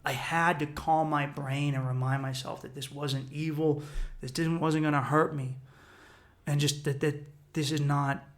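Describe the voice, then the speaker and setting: Alone on his podcast, a man in his thirties tells a personal story in an intense, profane way, acting out the voices inside his head. His voice is a little high.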